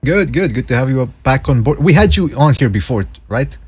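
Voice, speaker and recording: A man hosting a loose, casual boxing podcast in a husky, slightly rough voice. He swears a lot and laughs as he talks. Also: medium pitch, expressive, brisk, darkish tone. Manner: swears freely, laughs often. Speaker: podcast host.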